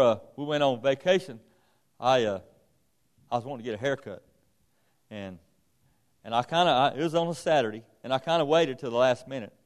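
A man's voice: medium pitch, clear, resonant tone. A man giving an informal sermon, telling a rambling personal story in a folksy way with many restarts. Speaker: preacher.

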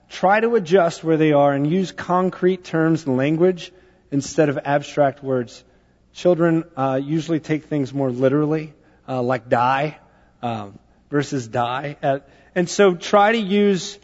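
A man's voice: on the high side, darkish tone. Man preaching in a reverberant church. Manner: conversational storytelling with fillers. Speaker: pastor. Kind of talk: sermon. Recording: dull sound with long hall reverb.

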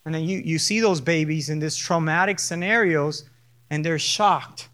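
A man's voice: a little high, moderate pace, a bit bright, clear, resonant tone. A male pastor preaching an earnest sermon to his congregation, stressing points through repetition and brief personal asides. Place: church sanctuary.

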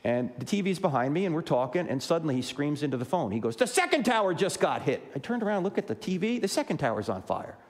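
A man's voice: a little high, fast talker, hardly any pauses, long reverb tail. A man in his sixties from New Jersey, giving a humorous Christian apologetics talk to a live audience and acting out the dialogue in his stories. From New Jersey, USA. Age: 60s. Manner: animated storyteller who acts out dialogue.

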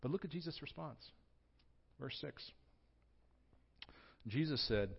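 Expressive man preaching a sermon. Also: medium pitch, measured pace, vocal fry, long pauses, breathy edge. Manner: expressive preaching, swings from quiet to loud. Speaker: pastor. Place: church sanctuary. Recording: dull lo-fi sound.

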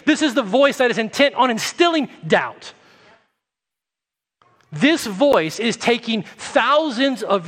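A man preaching a sermon as pastor, earnest, often slowing and softening his voice for emphasis. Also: very high-pitched. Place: church sanctuary. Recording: long hall reverb.

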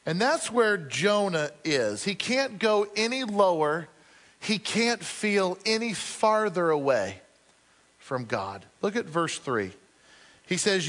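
A male pastor preaching a sermon earnestly, asking the congregation questions and slowing down to stress his points. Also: sits high, fairly bright tone, big-room sound.

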